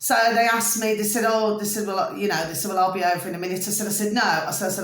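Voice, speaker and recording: A woman's voice: medium pitch, steady tone, fast talker, hardly any pauses, fairly bright tone. A woman talking casually to camera, chatty and always checking that the listener follows her. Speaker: vlogger. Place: room at home. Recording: echoey room.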